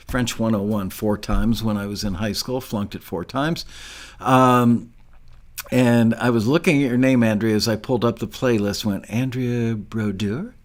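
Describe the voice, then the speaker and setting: A man hosting a live stream, talking in a relaxed, rambling, self-deprecating way. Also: mid-range voice. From Southern California. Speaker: show host. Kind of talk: casual live-stream chat.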